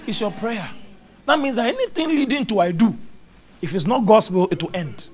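Prophet guy preaching, high voice that swings all over, does little voices and sound effects, laughs and shouts. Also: big pitch swings, brisk. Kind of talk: lively charismatic sermon.

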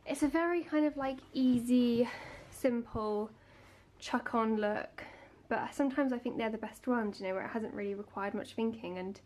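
This twenty-something woman vlogs from inside her home, chatting to camera in a fairly high-pitched voice over slight background noise. She's a bit breathless and keeps giggling. Fillers run all through her casual talk.

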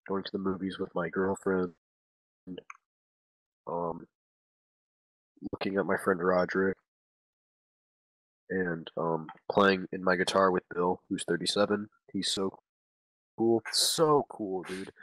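A man's voice: low voice, steady tone, takes it slowly, long pauses, a bit bright, no room sound, poor audio. A man improvising a comic monologue as a dim-witted, crude eighteen-year-old boy, rambling with a slacker drawl and lots of swearing.

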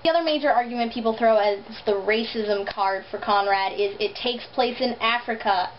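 A young woman with a slight lisp, vlogging in an animated, sarcastic, chatty way, recorded on a built-in camera mic. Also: fairly high pitch, normal speed, few pauses. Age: young adult. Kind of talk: casual vlog chat. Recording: dull lo-fi camera audio, faint hiss.

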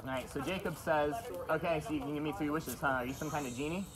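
A man's voice: fairly high pitch, fast talker, a loud crowd. Young man telling a rambling made-up story. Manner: rambling, self-interrupting, chuckling asides. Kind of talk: improvised storytelling. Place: house party indoors. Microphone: phone camera.

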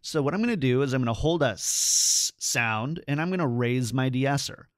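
Tutorial presenter, male, mid-pitched, clear instructive delivery, close studio mic in a dry room. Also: expressive, normal speed, no room sound. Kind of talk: scripted product tutorial. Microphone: studio microphone, close.

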